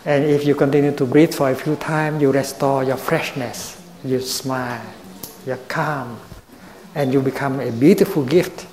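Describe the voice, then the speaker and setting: Gentle older man, slow roomy talk. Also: medium pitch, steady tone. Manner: slow and gentle, with long pauses. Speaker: Buddhist teacher. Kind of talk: dharma talk. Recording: roomy echo.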